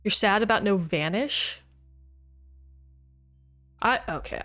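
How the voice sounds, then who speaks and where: Expressive and mid-range, her voice keeps a moderate pace broken by long pauses. She streams a game and chats with her viewers in a relaxed way, laughing frequently.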